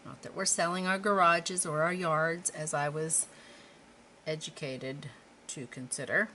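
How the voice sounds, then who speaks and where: A woman's voice: low voice, steady tone, a little slow, sharp tone, slight background noise. A middle-aged woman from Western Pennsylvania, chatting casually and rambling while she paints a canvas. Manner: chatty, rambling, self-deprecating asides. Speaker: craft vlogger.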